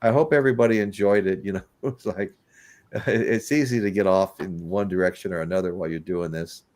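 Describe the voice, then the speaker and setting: A man's voice: low-pitched, a little fast, a little mellow. A middle-aged man hosting a casual live-stream chat, a rambling storyteller who laughs often. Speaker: host.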